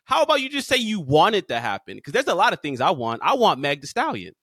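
A man's voice: high-pitched, quick pace, no room sound, clean studio sound. A man co-hosting a casual podcast, ranting emphatically and repeating his points. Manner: emphatic, lively, rants with repetition. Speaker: podcast co-host.

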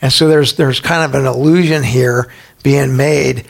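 A man's voice: mid-range voice, steady tone, measured pace, creaky. A middle-aged man from Texas teaching a Bible study in a chatty way, asking his listeners questions and telling anecdotes. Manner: chatty, asks the audience questions, tells anecdotes.

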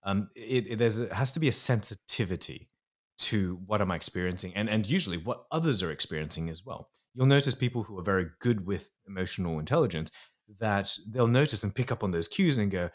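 Earnest man, lowish voice. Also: expressive, brisk. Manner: earnest, explanatory, slips into acting out inner voices. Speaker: psychologist guest. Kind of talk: podcast interview.

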